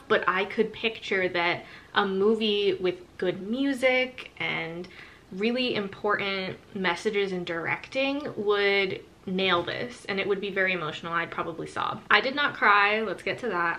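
A woman with a bright, clear voice talks through a book review in a casual, candid way. She sounds chatty and laughs easily. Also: mid-range voice.

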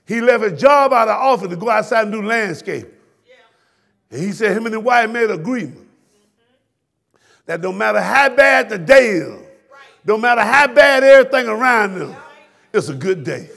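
A male pastor with a Southern US accent, preaching a fiery sermon that swings from shouted peaks to hushed drops. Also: high voice, expressive, normal speed, vocal fry, long pauses. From Florida, US.

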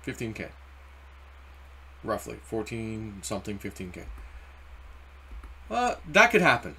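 A man's voice: fairly low pitch, measured pace, long pauses, slightly rough. Rambling man talking crypto. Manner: rambling, animated, acts out quoted voices. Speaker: crypto video host. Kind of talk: casual market commentary.

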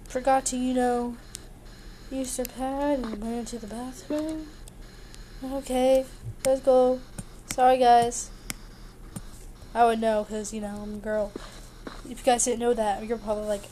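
A high-voiced young woman talks her way through a horror game in a chatty, sing-songy way, joking and sarcastic as she goes. Her voice is bright and youthful, and a faint hiss sits under the home mic recording. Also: a little slow, long pauses, rough recording. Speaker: gaming YouTuber. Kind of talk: horror game let's play commentary.

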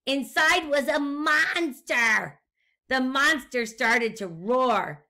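A woman teacher reading a storybook aloud to young children and asking them gentle questions. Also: high voice, animated. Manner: gentle, slow, questions to the listener.

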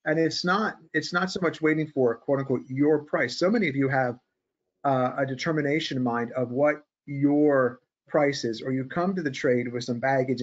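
A man hosting a casual trading podcast, talking in an animated, sarcastic, ranting way. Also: mid-range voice, lo-fi sound. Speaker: podcast host.

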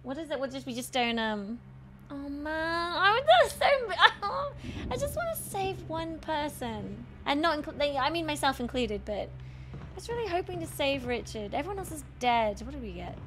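A woman's voice: sits high, expressive, normal speed, pushed and bright, a little hiss or hum. A woman streaming a horror game, chatting to viewers, swearing and screaming at scares. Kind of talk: gaming stream commentary.

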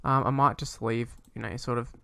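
A man's voice: medium pitch, steady tone, brisk, gravelly, a bit bright, smooth, dry recording. A young man casually commentating on his own football management game, rambling and hesitant, breaking into sweary frustration. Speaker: gaming YouTuber.

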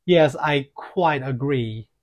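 A man reading an audiobook, voicing a nervous middle-aged husband who talks in halting, mumbled phrases. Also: medium pitch, natural voice. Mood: uneasy. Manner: hesitant, mumbling, with halting pauses.

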